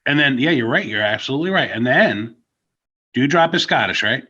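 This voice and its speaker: A man's voice: mid-range voice, expressive, brisk, sharp tone, slightly rough. Wry sarcastic man on slightly dull audio. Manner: wry, sarcastic, frequent laughter. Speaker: wrestling podcast co-host. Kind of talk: casual chat.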